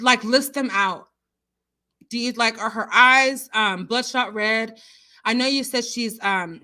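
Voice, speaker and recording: A young adult woman hosting a casual livestream, chatting and answering viewers with emphatic, animated remarks. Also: high-pitched. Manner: chatty, emphatic, laughs often. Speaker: livestream host.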